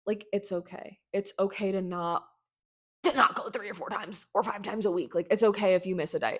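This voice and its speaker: A woman's voice: mid-range voice, steady tone, moderate pace. Chatty young woman rambling with fillers. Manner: chatty, filler-heavy, irreverent, swears and jokes. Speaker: podcast host. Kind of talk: casual solo podcast rambling.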